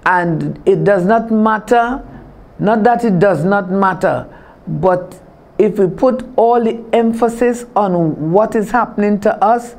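A woman's voice: medium pitch, slow pace, darkish tone. A middle-aged woman minister, preaching a televised sermon with a declaring, repetitive cadence. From Trinidad and Tobago.

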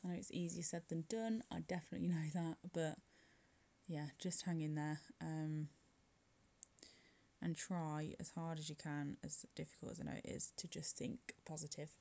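A woman's voice: low-pitched, steady tone, moderate pace, creaky, dark tone. A woman chatting casually through a nail art voice-over, rambling with frequent light laughs and filler words. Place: at home, curling her hair while recording.

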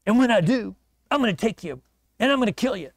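A man's voice: sits high, lively intonation, fast, no room sound, clean studio sound, voice pushed up. A man putting on a bragging enemy commander. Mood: threatening. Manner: mocking, bullying. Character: boastful threatening male enemy army commander.

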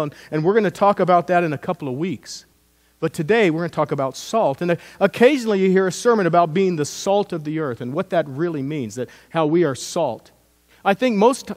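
A man preaching a sermon as pastor, telling a story with acted-out quotes in an earnest, animated way. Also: fairly high pitch. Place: church sanctuary. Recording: long church reverb.

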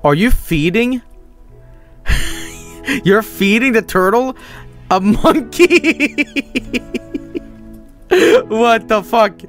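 A man streaming a game, talking casually and swinging between low mutters and loud exclamations. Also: expressive, extremely slow, pauses often, faint music behind. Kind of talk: livestream game commentary.

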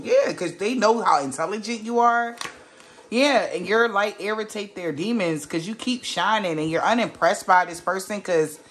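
A woman's voice: mid-range voice, slight background noise. A woman giving a casual tarot reading to a viewer, blunt and emphatic, swearing freely and firing off rhetorical questions. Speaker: tarot reader.

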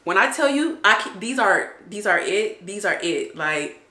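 Talking to camera in a room with echo, a young woman starts out emotional before turning chatty and cheerful with her viewers. Her mid-range voice is expressive and unhurried, with a sharp tone.

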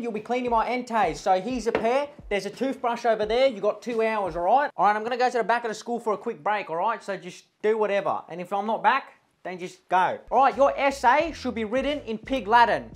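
A woman's voice: a little high, natural voice. A woman playing a rowdy male eshay schoolteacher in a comedy sketch, with an Australian accent, brash and slangy, tacking "bruh" and "lad" onto her lines.

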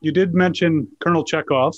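A man's voice: a little high, steady tone, brisk, no echo. Interviewer man with a dull, dry sound. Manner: rambling, searching questions with fillers. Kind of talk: interview questions.

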